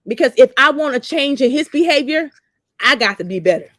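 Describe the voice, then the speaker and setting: Her voice is high and fairly bright, brisk, with lively intonation, recorded in a studio with no echo. As a talk show host she shares candid personal stories in a blunt, salty, animated way, mimicking the people she quotes.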